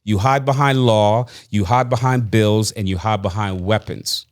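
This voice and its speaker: A man's voice: fairly low pitch, fairly even intonation, normal speed. A man in his fifties, a former actor as interview guest, speaking with impassioned emphasis and a preaching cadence. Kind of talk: interview conversation.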